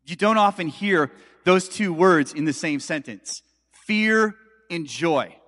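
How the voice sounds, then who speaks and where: High-voiced pastor in a reverberant hall. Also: male voice, lively intonation, slow pace, a bit bright. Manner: storytelling, conversational with asides to congregation. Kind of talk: sermon.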